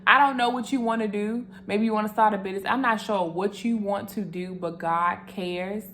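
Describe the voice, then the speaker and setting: A young woman giving a casual faith testimony to camera, earnest and animated, speaking straight to her viewers with emotion. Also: medium pitch, normal speed, slight background noise.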